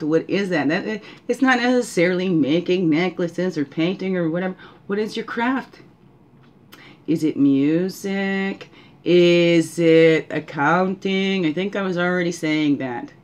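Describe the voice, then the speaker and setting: A woman hosting a spiritual guidance session at home, reading oracle cards in a meandering, reflective way and often asking the listener questions. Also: fairly low pitch. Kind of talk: casual oracle card reading.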